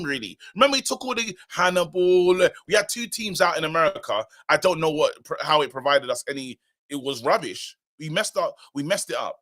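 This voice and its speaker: Casting: animated male fan co-host, fairly high, bright voice. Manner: animated, emphatic, repeats himself. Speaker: co-host of a football fan show. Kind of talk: casual live-stream chat.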